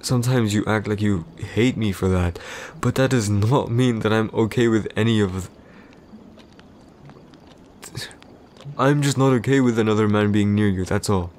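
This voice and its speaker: A low-voiced, jealous warrior husband in a whispered role-play, played by a man. He talks curtly and possessively, close to the ear. A faint hiss of noise sits behind the voice. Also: moderate pace, pauses often, a little mellow, close to an everyday voice. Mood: grudging. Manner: curt, irritated, possessive, speaks low and close. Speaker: voice actor in a boyfriend roleplay.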